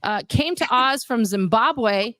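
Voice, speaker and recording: A woman chatting as a guest on a livestream, animated and reading viewer comments aloud. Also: fairly high pitch, slow, no room sound. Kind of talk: casual livestream chat.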